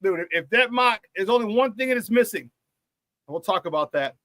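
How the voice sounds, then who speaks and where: Here a sports talk radio host from the Chicago area talks briskly in a high voice, with no room sound. Running a casual show, he reads the live chat aloud, repeats himself, and is animated, laughing often.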